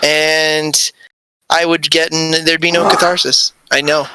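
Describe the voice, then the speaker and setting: A man's voice: fairly high pitch, measured pace, background noise. A man hosting a casual podcast chat, joking and teasing his friends while telling stories. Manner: joking, teasing, animated storyteller. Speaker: podcast host.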